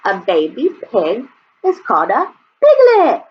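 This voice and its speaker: A woman's voice: fairly high pitch, slow, long pauses. A woman teaching toddlers in a singsong, exaggerated way, recorded with dull lo-fi sound. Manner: exaggerated, animated, sing-song. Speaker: preschool teacher. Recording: dull lo-fi sound, faint background noise.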